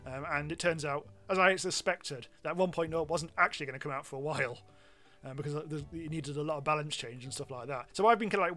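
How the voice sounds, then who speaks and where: A man's voice: fairly high pitch, fairly bright tone. A British man streaming a game live, chatting casually and rambling with self-mocking asides and frequent ums. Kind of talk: live gameplay commentary.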